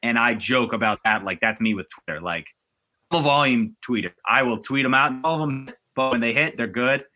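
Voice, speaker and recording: A man guesting on a sports podcast, telling stories in a loose, animated way with lots of restarts and fillers. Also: medium pitch, normal speed. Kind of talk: casual sports chat.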